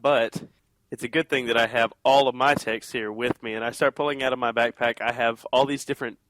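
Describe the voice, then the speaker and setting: A young man playing in a comedic tabletop game, chatting in a deadpan, rambling way. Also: mid-range voice, fairly quick, a little hiss or hum, low-quality recording. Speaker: player. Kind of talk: casual tabletop game chat.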